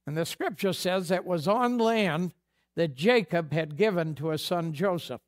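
A man's voice: sits high, expressive, unhurried. A man preaching a sermon as pastor, folksy and conversational, acting out bits of dialogue. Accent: New England.

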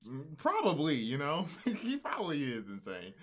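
Give me an excitable young man laughing through an anime reaction, slightly high voice. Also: slow. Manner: excitable, laughs often, slangy. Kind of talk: casual reaction commentary.

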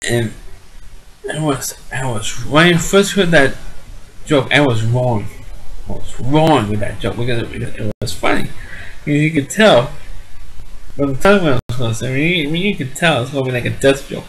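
A man with a nasal, mid-range voice and lively intonation casually reviews a sitcom at normal speed. The TV show reviewer rambles, often restarting and repeating words. His tone is a bit bright, and the recording quality is low.

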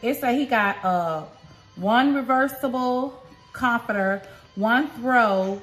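A woman's voice: on the high side, slow pace, fairly bright tone, faint music behind. A woman vlogger showing off a shopping haul in a casual, chatty way, talking straight to her viewers at home. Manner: chatty, talks straight to viewers with lots of "y'all". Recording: roomy echo.

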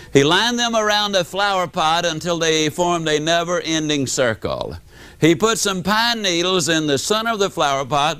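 An older man giving a motivational speech to an audience, telling stories with animated, drawn-out emphasis. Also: fairly high pitch, clean tone. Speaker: motivational speaker.

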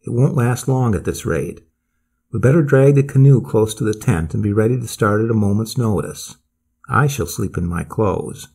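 A man's voice: fairly low pitch, moderate pace, vocal fry, husky, full character voice. A man voicing a practical, jolly, unflappable Swedish traveler in an audiobook, blunt and matter-of-fact. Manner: blunt and matter-of-fact, excitable when startled. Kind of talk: audiobook character voice.

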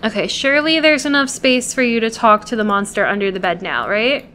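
High-voiced woman coaxing her game characters. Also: brisk, sharp tone, a little hiss or hum. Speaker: gameplay video host. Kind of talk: casual gameplay commentary.

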